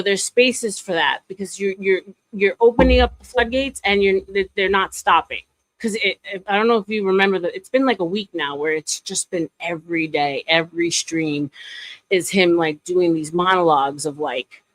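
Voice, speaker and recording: A woman's voice: on the low side, moderate pace, fairly bright tone, no echo, low-quality recording. A woman in casual chat, telling a long story with many fillers and restarts. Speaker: streamer guest.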